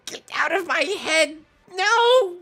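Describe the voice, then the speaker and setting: A man's voice: very high-pitched, animated, slow pace, pushed and bright, voice pushed up, heavily acted. A man voicing a small, frightened male goblin caught in webs, whining and panicky. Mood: panicked. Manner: whiny, panicky pleading.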